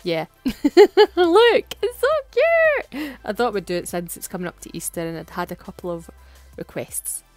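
A woman's voice: lowish voice, steady tone, a little fast, no echo. Scottish woman, chatty, giggly, dry close sound, faint music behind. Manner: chatty and giggly, laughs often. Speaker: nail art vlogger. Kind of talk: casual tutorial chat.

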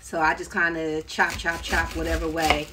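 A woman's voice: low-pitched, flat delivery, normal speed. A woman hosting a casual cooking live stream from her home kitchen, chatting and laughing with her viewers as she cooks. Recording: live-stream audio from a distance, noisy.

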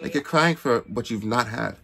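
A man hosting a reaction video, talking in a sassy, expressive way and exclaiming loudly at the clips. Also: medium pitch, normal speed, gravelly. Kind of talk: casual reaction commentary.

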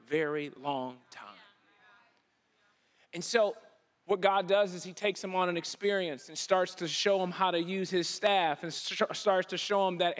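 A man giving a conference sermon in an animated preaching style, with casual slang. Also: high voice. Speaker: keynote speaker.

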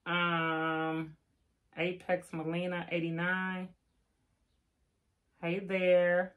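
Older lady, kinda low voice, chatty live stream shout-outs, teasing. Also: monotone, extremely slow, narrow, tinny audio. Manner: chatty, reads out names, teasing asides. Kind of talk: casual live-stream chat reading comments.

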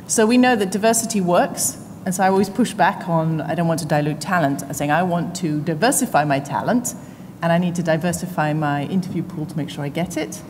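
A woman's voice: on the low side, a little fast, few pauses. A woman panelist speaking emphatically and telling anecdotes at a business conference, laughing often as she makes her points. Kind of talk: panel discussion. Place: conference hall. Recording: reverberant hall with faint noise.

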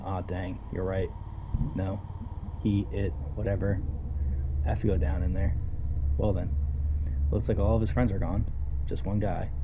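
A man with a fairly low voice reads a story game's dialogue aloud during a let's play, voicing each character in turn. He speaks in a casual, offhand manner. The recording is a little dull and lo-fi, with faint noise underneath. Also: level tone, unhurried, pauses often. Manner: casual, reads every character's lines himself. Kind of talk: reading game dialogue aloud.

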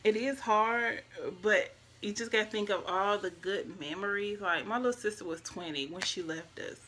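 A young woman shares a personal story on her vlog, her voice bright and clear. She speaks softly and reflectively, addressing her viewers directly in a casual way. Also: medium pitch, normal speed, a little hiss or hum. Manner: soft-spoken, reflective, talks straight to viewers. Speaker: vlogger.

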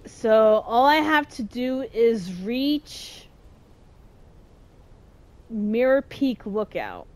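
A young adult woman hosting a gaming video, giving casual let's-play commentary and getting jumpy and loud at the game. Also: on the high side, extremely slow, long pauses. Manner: excitable, yells at the game, jumpy.

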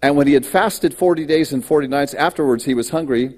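A man's voice: on the high side, brisk, a little mellow. A man pastor delivering a sermon at a church service, reading scripture and preaching with dramatic swings in his voice. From United States.

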